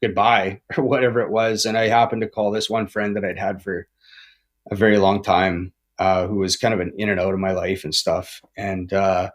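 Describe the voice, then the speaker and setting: A man's voice: deep voice, little pitch movement, normal speed. A man in his forties, a podcast guest telling his recovery story candidly, swearing a lot, tagging lines with "right?" and "man" and restarting often. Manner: rambling with frequent restarts.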